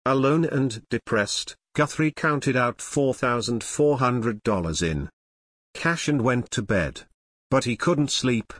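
A man reading scripted true-crime narration in a measured, expressive storytelling manner. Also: mid-range voice, dry recording.

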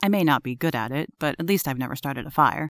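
A fan fiction reader voicing a friendly, teasing young man neighbor in a raised, brighter voice. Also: mid-range voice, expressive, fast talker, no echo, studio quality.

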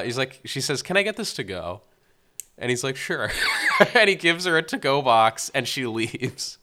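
A man co-hosts a casual film review podcast, and his voice is bright and crisp. He retells scenes with animated, exasperated energy and slips into the characters' lines as he goes. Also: medium pitch. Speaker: podcast co-host.

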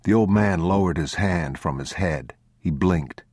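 A man reading a novel aloud as audiobook narrator in a measured, sombre, deliberate manner, recorded on a close mic. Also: low voice, darkish tone, slightly rough, no echo. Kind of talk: scripted literary narration.

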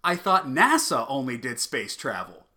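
A man's voice: mid-range voice, very animated, a little slow, pushed and bright. A man co-hosting a casual comedy podcast, laughing often and acting out quotes. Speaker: podcast co-host.

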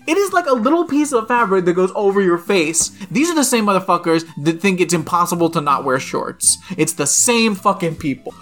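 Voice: medium pitch, animated, fairly quick, few pauses, fairly bright tone, faint music behind. A podcast co-host ranting casually, swearing and sounding exasperated.

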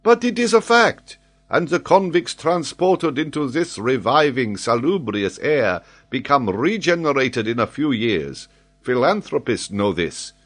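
A man voicing an excitable, impetuous French scholar in an audiobook, speaking vehemently and emphatically. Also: medium pitch, measured pace, voice pushed up. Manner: vehement, emphatic, eager to astonish.

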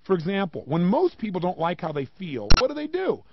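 A man giving a motivational talk, emphatic and animated, with many rhetorical questions and a gravelly voice. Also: sits high, a little fast, lo-fi sound, noisy background. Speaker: motivational speaker.

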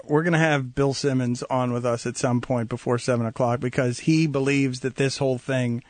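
A man's voice: mid-range voice, fairly even intonation, moderate pace, no room sound. Wisecracking male sports radio host. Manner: wisecracking, laughs at own jokes. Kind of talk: radio talk show banter. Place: radio studio.

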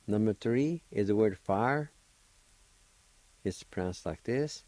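A man's voice: lowish voice, lively intonation, measured pace, long pauses, warm tone, dry recording, rough recording. A middle-aged man, patiently spelling and sounding out words in a radio language lesson. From Oklahoma, US. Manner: encouraging. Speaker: language teacher and radio host.

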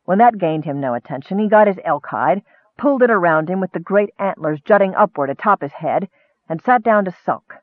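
Guy reading a fantasy book, high voice jumping all over, thin phone-like dry sound. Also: expressive, a little fast, dry recording. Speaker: audiobook narrator. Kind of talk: storybook narration. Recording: narrow phone-like dry recording.

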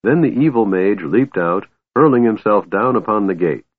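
Male audiobook narrator, lowish voice, measured fantasy reading, tinny dry audio. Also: expressive, no room sound. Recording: narrow phone-like audio, dry.

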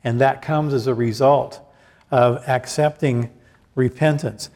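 A male pastor delivering a sermon in a relaxed, conversational way, often restarting phrases and slipping in little asides. His voice sits at an ordinary middle pitch. It carries a long reverb, as in a church sanctuary. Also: unhurried. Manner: conversational preaching, many restarts and asides, reads scripture aloud. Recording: hall reverb.

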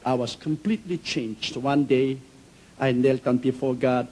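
A man's voice: mid-range voice, steady tone, unhurried, darkish tone, breathy edge, low-quality recording. A man preaching a sermon, telling stories emphatically in simple, non-native English phrasing. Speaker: pastor.

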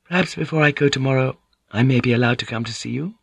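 A man's voice: medium pitch, fast talker, gravelly, a bit bright, slightly rough, no room sound, voice pushed up. A man voicing a polite, tactful young courtesan with a soothing, diplomatic manner.

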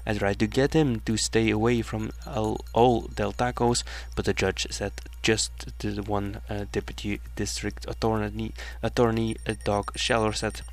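Low-voiced man reading news haltingly. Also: flat delivery. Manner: halting, frequent "uh" fillers and restarts. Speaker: radio DJ. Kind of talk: reading a news item between songs. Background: faint music.

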